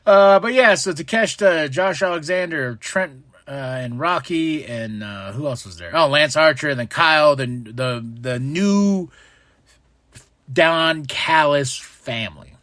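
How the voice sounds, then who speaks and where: Brief: upbeat male podcast host, slightly high voice, bright and lively, dry close recording, acts out quotes. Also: measured pace, dry recording. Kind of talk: casual wrestling recap.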